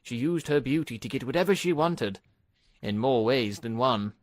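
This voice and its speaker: A man voicing a calm, wise old male engine who tells a tale in a measured way in a storybook reading. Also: medium pitch, no echo, clean studio sound, lightly acted.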